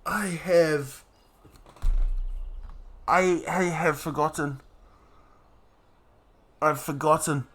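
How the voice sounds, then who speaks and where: A young man streams a game and chats with his viewers. His voice sits high and bright and swings widely in pitch. He talks at an unhurried pace, with a playful, excitable manner and frequent laughs. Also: slight background noise. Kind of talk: live gameplay commentary, chatting with viewers.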